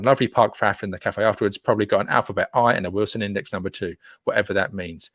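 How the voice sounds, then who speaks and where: A man's voice: lowish voice, steady tone, fast, few pauses, a bit bright, no room sound, studio quality. A man hosting a casual live stream, reading out viewer comments in a chatty, playful way. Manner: chatty and playful, jokes with listeners. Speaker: host.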